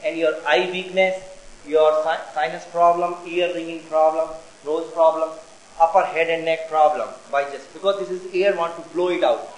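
High-voiced man lecturing in an echoey room. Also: steady tone. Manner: explains slowly, repeats each term twice. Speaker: teacher.

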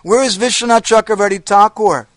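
A man's voice: high-pitched, fairly even intonation, brisk, no echo, voice pushed up, natural voice, rough recording. A man acting as a wailing, grief-stricken devotee. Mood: anguished wailing. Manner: wailing, pleading calls.

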